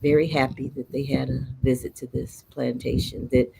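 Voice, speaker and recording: A woman's voice: very deep voice, level tone, moderate pace, vocal fry, mellow, breathy edge, rough recording. A woman storyteller telling stories in an interview. She talks expressively and mixes Spanish words into her English. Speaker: storyteller guest.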